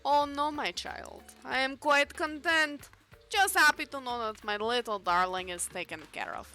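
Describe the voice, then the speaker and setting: Woman doing a slow, tender old Russian mama from a dating game, bright and high. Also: soft background music. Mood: doting. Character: older Russian mother ghost, gentle and doting.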